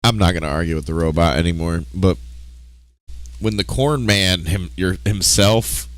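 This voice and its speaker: A man's voice: low voice, moderate pace, no room sound. A man live-streaming a game, chatting casually in a rambling, profane way, stopping to correct himself and laughing often. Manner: restarts and self-corrections mid-sentence. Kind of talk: casual live-stream chat while playing.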